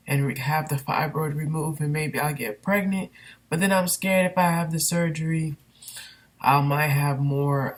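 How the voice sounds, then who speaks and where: A woman candidly venting in a personal vlog, rambling and emotional with many fillers, recorded on a built-in computer microphone. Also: low voice. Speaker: vlogger.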